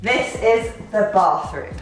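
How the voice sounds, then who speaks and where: A woman's voice: medium pitch, animated, takes it slowly. A young woman giving a playful mock-posh tour of a large house, teasing and giggling as she talks. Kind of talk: casual playful tour chat. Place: rooms of a large house, indoors. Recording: echoey rooms with music behind.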